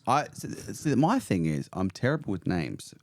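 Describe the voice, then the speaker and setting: A man's voice: on the low side, normal speed, dry recording. Young South African guy, rambling, sweary storyteller; dry, close sound. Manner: swears freely, animated rambling storyteller, stumbles over words. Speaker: podcast guest. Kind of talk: casual chat.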